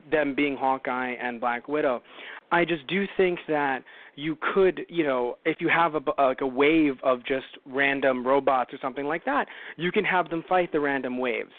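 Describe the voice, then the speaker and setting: A man's voice: mid-range voice, dry recording. A man hosting a casual movie review show, rambling and correcting himself with wry asides. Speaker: podcast host. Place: home. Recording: tinny phone-line call-in audio.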